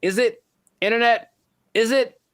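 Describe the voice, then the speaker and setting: A man's voice: very high-pitched, steady tone, unhurried, a bit bright, dry recording. A man co-hosting a casual reaction chat, rambling and exclaiming with unease. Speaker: co-host.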